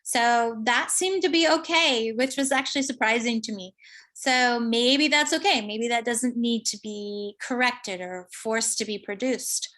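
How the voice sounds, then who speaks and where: A woman gives an academic conference presentation on her research, moving through the findings step by step amid many pauses and fillers. Her voice is a little high and fairly bright in tone.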